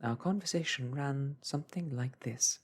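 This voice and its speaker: A man reading a classic story aloud in a hushed, soothing whisper, as a calm storyteller. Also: mid-range voice, normal speed, husky.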